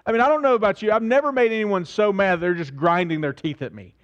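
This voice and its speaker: A man's voice: high voice, lively intonation, fairly quick, highs cut off. A man preaching a sermon as pastor, speaking earnestly, asking his listeners questions and repeating phrases for emphasis.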